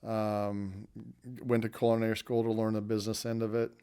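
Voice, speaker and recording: A man's voice: on the low side, monotone, normal speed, mellow, clear, resonant tone. A man in his fifties telling folksy, rambling anecdotes about his restaurant career in a casual interview. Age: 50s.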